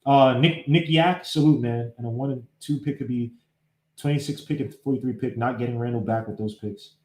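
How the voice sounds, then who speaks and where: Animated man talking sports on a stream. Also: medium pitch, fairly quick, slight background noise. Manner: animated, shouts out viewers by name; talks while fumbling with his computer. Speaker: podcast host. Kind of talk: casual live-stream sports talk. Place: home setup, live streaming. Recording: echoey room.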